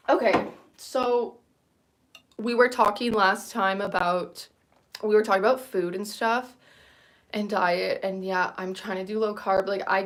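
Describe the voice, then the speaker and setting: A woman in her thirties hosting a casual livestream chat, rambling and self-deprecating and often laughing. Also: medium pitch. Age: 30s. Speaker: livestream host.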